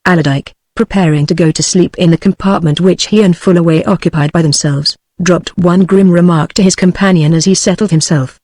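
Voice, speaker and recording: A text-to-speech voice of a woman with a British English accent, reading a novel aloud in an even, steady way. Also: fairly low pitch, a little fast, few pauses, dry recording, clean studio sound. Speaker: audiobook narrator. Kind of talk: synthetic audiobook reading.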